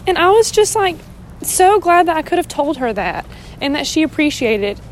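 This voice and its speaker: A woman's voice: high voice, sing-song, moderate pace, a little hiss or hum. A young woman talking casually to her phone in a parked car, rambling with lots of fillers and "like"s as she recaps her day. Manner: chatty, rambling, many fillers and "like"s. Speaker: vlogger. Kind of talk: casual diary vlog.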